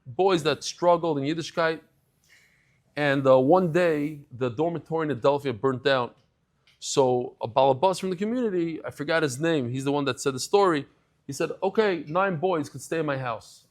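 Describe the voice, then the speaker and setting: A man giving a daily Talmud class, telling stories with lively acted-out quotes and sprinkling in Hebrew and Yiddish terms. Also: a little high. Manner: animated storyteller, acts out quoted voices. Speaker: daf yomi lecturer.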